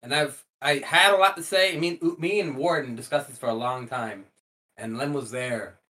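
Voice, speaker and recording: A man's voice: medium pitch, normal speed, bright, forceful tone. A man hosting a casual podcast chat, laughing often and swearing as he steers the talk. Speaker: podcast host.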